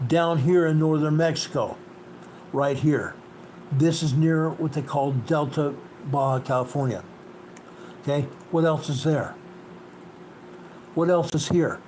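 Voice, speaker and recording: A man's voice: fairly high pitch, measured pace, pauses often, darkish tone, a little hiss or hum, rough recording. A man hosting an earthquake report, narrating over a map in an emphatic way and repeating key points. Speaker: host.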